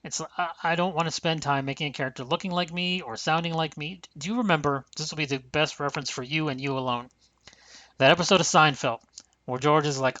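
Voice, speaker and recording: A man hosting a gaming podcast, rambling through blunt, profane opinions. His voice is bright and forward, and the recording is dry and close. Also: a little high, fairly quick, no echo. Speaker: podcast host. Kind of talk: casual podcast chat.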